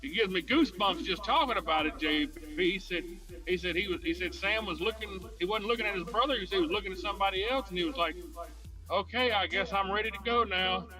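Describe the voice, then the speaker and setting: A man's voice: high-pitched, quick pace, over music. A man hosting a casual podcast, telling rambling, profane stories full of restarts. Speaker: podcast host.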